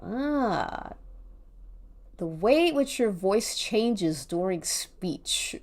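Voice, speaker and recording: A woman's voice: medium pitch, expressive, extremely slow, a little mellow. A woman streaming while she draws, chatting casually, rambling and thinking aloud, with casual swearing. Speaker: art streamer.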